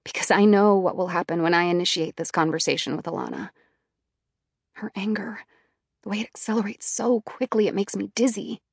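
A woman reading a first-person audiobook in a quiet, inward, subdued manner. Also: fairly low pitch, animated, quick pace, vocal fry, hardly any pauses, dry recording, studio quality. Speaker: audiobook narrator.

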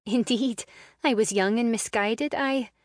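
Woman doing a young Highland noblewoman, feisty, sharp-tongued, raised high and defiant, storybook reading. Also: no echo, clean studio sound, natural voice. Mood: teasing. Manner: quick, defiant and teasing.

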